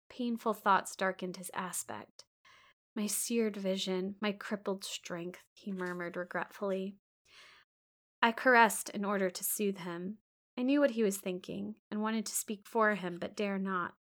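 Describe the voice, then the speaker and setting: A woman reading a classic novel aloud in a soft, hushed way, now and then breaking off for casual asides. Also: medium pitch, steady tone, measured pace. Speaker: reader.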